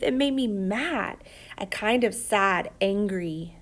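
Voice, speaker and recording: A woman narrating an audiobook in a quiet, reflective way, sometimes dropping to a whisper. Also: mid-range voice, expressive, takes it slowly.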